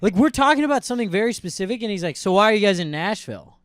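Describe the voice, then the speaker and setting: Animated New York man telling stories. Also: high-pitched, racing, no room sound. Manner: animated storytelling, acts out quotes. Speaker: podcast co-host. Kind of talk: casual chat.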